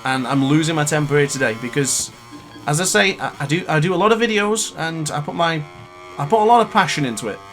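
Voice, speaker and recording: A man's voice: a little high, lively intonation, quick pace, a bit bright, soft background music. A man in his late twenties commentating his own racing game live, ranting in frustration between exasperated laughs. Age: 20s. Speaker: gaming YouTuber.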